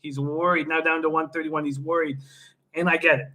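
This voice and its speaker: A man hosting a sports betting live stream from home, energetically reading out chat shout-outs. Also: on the high side, little pitch movement, fairly quick. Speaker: sports betting show host.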